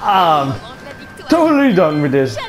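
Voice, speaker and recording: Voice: mid-range voice, big pitch swings, slow pace, crowd noise. A gamer giving fighting-game play commentary, exasperated and swearing, often laughing at their own frustration. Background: game music.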